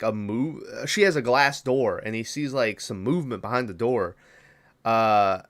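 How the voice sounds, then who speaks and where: A man's voice: sits high, fairly bright tone. Rambling, foul-mouthed male podcast host. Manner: rambling, profane, loses track and backtracks. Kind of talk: casual movie recap.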